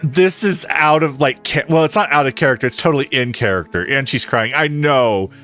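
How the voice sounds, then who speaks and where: A man streaming a video game, chatting with his viewers and reacting out loud, laughing often. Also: medium pitch, brisk, faint music behind. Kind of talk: live-stream game commentary.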